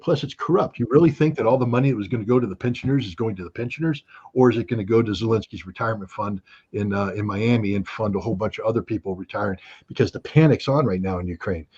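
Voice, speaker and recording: A man's voice: lowish voice, a little mellow, lo-fi sound, a little hiss or hum. A man speaking as an interview guest, blunt and sardonic in casual talk. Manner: blunt, sardonic, with short laughs.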